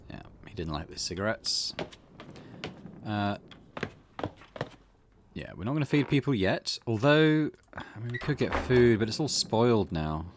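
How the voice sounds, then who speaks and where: A man hosting a let's play at home, thinking aloud in a relaxed way with many fillers. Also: lowish voice, background noise. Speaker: gaming channel host. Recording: game music behind.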